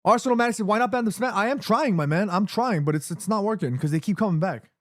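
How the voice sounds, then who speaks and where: A man's voice: high-pitched, fast talker, dry recording, studio quality. A man streaming a football watchalong, thanking viewers by name and rallying the chat, swinging between hype and nervous murmurs. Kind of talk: live match watchalong, reading chat aloud.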